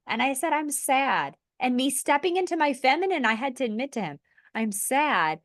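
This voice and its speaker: Woman, higher-pitched, heartfelt and earnest in conversation, close dry mic. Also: very animated, moderate pace, dry recording. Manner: earnest, heartfelt spiritual talk with restarts. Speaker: podcast host. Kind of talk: conversational podcast sharing.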